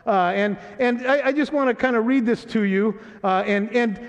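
A pastor with a very high-pitched voice preaches a sermon at normal speed, keeping it conversational and teasing and often checking in with his congregation. He's in a church sanctuary, and the recording carries a long hall reverb.

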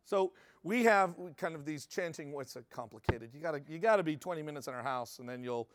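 A male pastor teaches from the pulpit in a loose, talkative style, stopping to question his listeners and correcting himself mid-sentence. His voice sits a little higher than most men's. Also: lively intonation, fairly quick. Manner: conversational, restarts often, asks the room questions. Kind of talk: sermon teaching.

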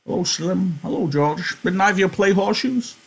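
A man's voice: expressive, a little fast, gravelly, slightly rough, full character voice. A man voicing a frail, timid old male ranch worker who stammers and pleads, reading a novel aloud in class. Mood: complaining. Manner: high, quavering, stammering old voice.

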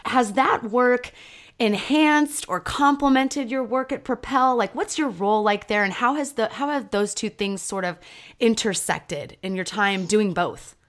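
A woman's voice: on the high side, measured pace. A woman hosting an interview, asking questions casually and responding with enthusiasm. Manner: warm, affirming questions with many fillers. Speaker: podcast host.

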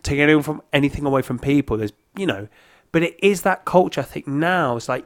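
A man, a stand-up comedian, chatting casually and telling stories in an animated, rambling way. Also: on the high side, fast talker. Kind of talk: casual podcast chat.

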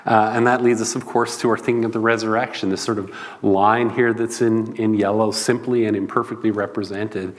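A man's voice: on the low side, flat delivery, brisk, big-room sound. A man preaching a sermon in a loose, conversational teaching manner. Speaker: pastor.

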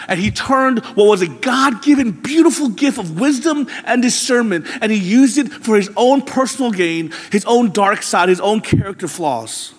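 High-voiced preaching pastor in a hall. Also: male voice, expressive, normal speed, hardly any pauses. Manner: conversational, candid preaching with rising emphasis. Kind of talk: sermon.

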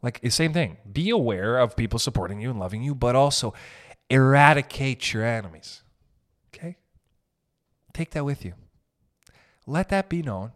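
A man ranting casually as a podcast host, profane and animated, swinging between loud bursts and muttered asides. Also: medium pitch, normal speed, pauses often. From raised in an Italian family. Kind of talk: casual comedic rant.

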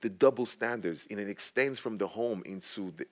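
A man with a fairly low voice, speaking as a panel guest in a conversational but passionate way. He is animated and emphatic, and his voice climbs when he gets worked up. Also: moderate pace.

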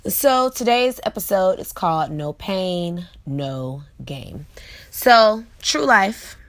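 A woman's voice: medium pitch, animated, slow, no room sound. A woman in her late twenties hosting her own vlog, talking straight to viewers in a chatty, casual motivational monologue with lots of fillers. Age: late 20s. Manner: chatty, frequent fillers, talks to viewers directly. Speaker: vlog host.

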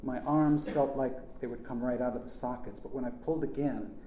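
A man reads a first-person story aloud in a plain, earnest way. His voice is dark and mellow, recorded in an echoey room with faint ambient noise behind him. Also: mid-range voice, steady tone, brisk. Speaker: narrator.

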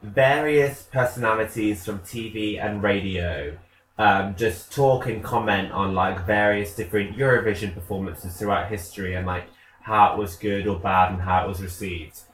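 A man's voice: lowish voice, moderate pace, a bit bright, reverberant, low-quality recording. A man co-hosting a podcast, talking in a dry, hesitant way full of fillers. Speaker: podcast co-host. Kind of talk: casual chat.

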